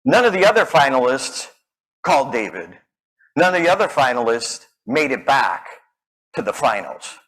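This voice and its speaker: A man giving a storytelling talk as a public speaking coach, lively and acting out the people in his stories. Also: medium pitch, normal speed, rough recording. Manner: animated, acts out quoted voices.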